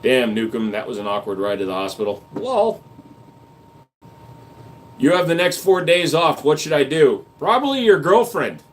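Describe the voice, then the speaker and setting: A man with a fairly high, sing-song voice hosts a livestream at a moderate pace, reading chat aloud and replying with crude joking and casual gun talk. A slight hiss or hum runs underneath.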